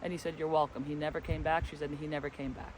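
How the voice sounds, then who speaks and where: This co-host of a spiritual travel channel talks fast in a fairly high, flat voice while telling a story in a windy forest. He rambles casually and acts out the dialogue, and the rough recording carries light wind and outdoor noise.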